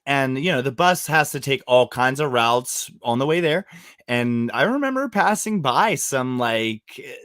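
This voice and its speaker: Brief: male podcast host from West Virginia, mid pitch, lively storyteller, curses freely, dry close mic. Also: dry recording. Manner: animated storyteller, swears freely, laughs often. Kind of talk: casual podcast chat.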